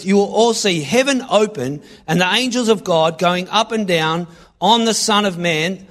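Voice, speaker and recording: A man preaching a sermon, reading scripture aloud and acting out lines with sudden loud bursts. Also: high voice. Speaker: pastor.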